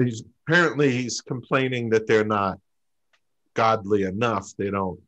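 A man telling a comic true story on stage, halting with fillers before deadpan punchlines. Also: on the low side. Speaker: open mic storyteller.

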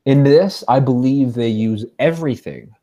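A man's voice: medium pitch, moderate pace, mellow. A man co-hosting a music podcast, reading a composer's bio from notes before telling a folksy joke. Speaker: podcast co-host. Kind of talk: reading an introduction then casual chat.

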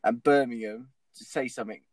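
A man's voice: mid-range voice, fairly even intonation, a little fast, no room sound. A man co-hosting a casual podcast, joking, swearing and arguing with his co-host. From Bristol, England. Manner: sweary, jokey, argumentative.

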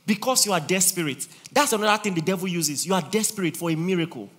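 A man preaching a sermon as a pastor, animated and teasing, swinging between loud and soft. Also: sits high, fast talker.

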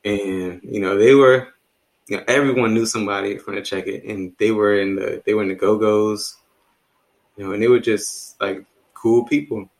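Male podcast co-host from D.C., low voice, laid-back and reflective, lots of fillers. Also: moderate pace, poor audio. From Washington, D.C. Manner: relaxed, reflective, many "you know" fillers. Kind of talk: casual conversation.

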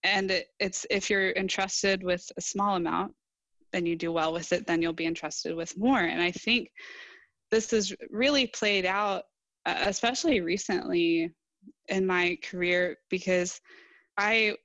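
A woman's voice: on the low side, unhurried, a bit bright, no room sound. A young adult woman engineer, a podcast guest, answering earnestly and reflectively in casual interview talk. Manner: earnest, reflective, quotes herself in dialogue.

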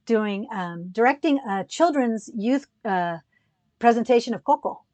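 Animated storytelling woman, a little high. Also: measured pace, no echo. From United States. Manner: animated, rambling with many restarts. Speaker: podcast co-host. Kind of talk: casual storytelling conversation.

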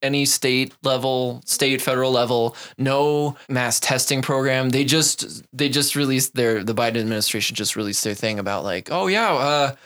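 A man's voice: mid-range voice, little pitch movement, moderate pace, few pauses, fairly bright tone, clear, resonant tone. Male podcast host, sarcastic and foul-mouthed, casual political chat. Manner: sarcastic, profane, mocking voices.

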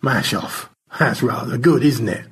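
A man's voice: mid-range voice, lively intonation, unhurried, husky. A man voicing Stanley, a dry-witted space rescuer who teases in easy banter. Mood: teasing.

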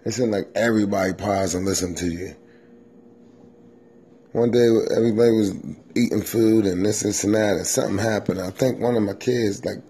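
A low, gravelly male voice rambling loosely through a self-recorded comedy podcast at home. He swears freely and keeps it conversational and offhand. The tone sits dark and mellow. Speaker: comedian hosting his own podcast. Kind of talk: casual rambling comedy monologue. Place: home kitchen. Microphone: simple home setup, self-recorded.

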